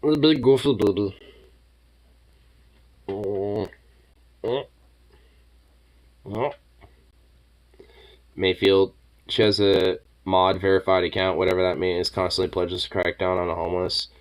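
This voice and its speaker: A streamer with a deep, flat voice chats casually in an unhurried way, pausing often while reading online posts. He swears freely and coos at his pet in baby talk.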